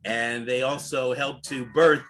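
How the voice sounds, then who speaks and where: A man's voice: medium pitch, fairly even intonation, measured pace, fairly bright tone, soft background music, low-quality recording. A man with a Brooklyn accent, a financial coach reading out a guest introduction on a video call, chatty and full of fillers. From New York. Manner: chatty, many fillers and restarts.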